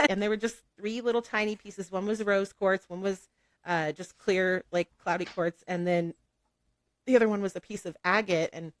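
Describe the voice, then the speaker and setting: A woman's voice: medium pitch, moderate pace, no echo. A woman guest in a casual podcast interview, telling stories with frequent laughs and fillers. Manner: giggly, animated storytelling with many "like" fillers.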